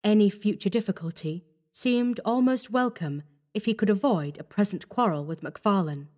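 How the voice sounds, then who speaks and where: A woman narrating a horror story in a measured, grave manner. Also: medium pitch, mellow.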